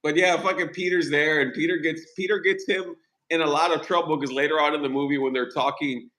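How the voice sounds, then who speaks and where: A man's voice: a little high, fairly even intonation, fairly quick, bright, forceful tone. A man hosting a podcast, chatting casually about a movie in a rambling, profane way. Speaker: podcast host.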